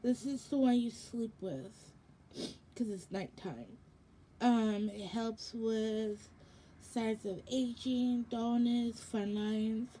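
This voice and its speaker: Slow, sleepy woman rambling through an unboxing. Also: fairly high pitch, mellow, a little hiss or hum. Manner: rambling, many ums and self-corrections. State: sleepy, yawning. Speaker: vlogger. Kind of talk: casual unboxing chat.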